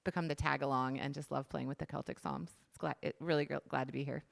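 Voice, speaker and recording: Bubbly, gravelly-voiced woman pastor. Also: rumbling low, fairly even intonation. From New Jersey. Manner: bubbly, apologetic, quick bursts.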